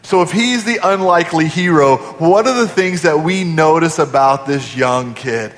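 High-voiced preacher in a reverberant hall. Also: male voice, normal speed. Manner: preaching with rhetorical questions, dropping to quiet emphasis. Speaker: pastor. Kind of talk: sermon.

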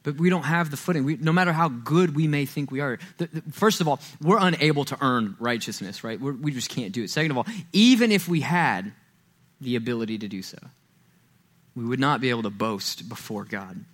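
A male pastor delivers a sermon in a church, casual and conversational in tone. He slips into playful quoted voices and pushes his voice up and louder on key points. His voice sits at an ordinary middle pitch. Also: animated, a little fast. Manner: conversational, acts out quoted voices, rises loud and high when stressing. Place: church sanctuary.

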